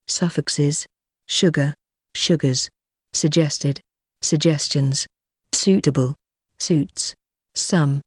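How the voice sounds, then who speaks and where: A woman reads a vocabulary list one word at a time, leaving a steady pause after each word. Her voice sits low and a little husky, and she moves through the list very slowly. The sound is close and dry, with no room around it. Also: no room sound. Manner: reads single words one by one with even pauses. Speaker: vocabulary reader. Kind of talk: slow word-list pronunciation reading.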